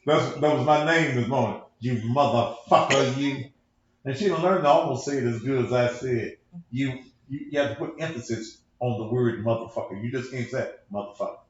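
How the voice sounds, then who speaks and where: A man's voice: medium pitch, brisk, a little hiss or hum. Male pastor-host, loose profane preacher delivery, very echoey lo-fi recording. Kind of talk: casual livestream talk. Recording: echoey room, dull lo-fi sound.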